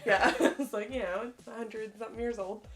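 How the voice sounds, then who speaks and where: A woman's voice: a little high, steady tone, brisk, fairly bright tone. A woman co-hosting a casual collecting video, chatty and enthusiastic, often saying "like". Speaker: co-host. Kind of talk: casual collection show-and-tell.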